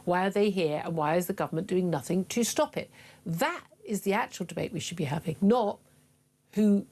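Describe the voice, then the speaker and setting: A middle-aged woman hosts talk radio in a low, gravelly voice. She delivers her opinions in a forthright, emphatic way, often pausing on fillers. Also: a little mellow. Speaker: radio talk show host.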